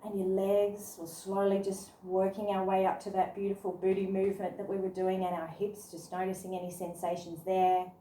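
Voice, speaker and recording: A woman guiding a yoga class through movement and body awareness, speaking in an encouraging, gently instructive way. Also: mid-range voice, completely flat delivery, moderate pace, few pauses. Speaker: yoga and meditation teacher. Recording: roomy sound from a distant mic.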